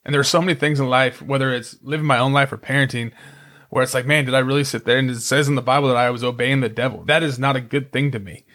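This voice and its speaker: A man's voice: mid-range voice, fairly even intonation, fast talker, a bit bright. A middle-aged man co-hosting a Christian parenting podcast, talking earnestly and rambling a bit, with self-deprecating jokes. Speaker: podcast co-host.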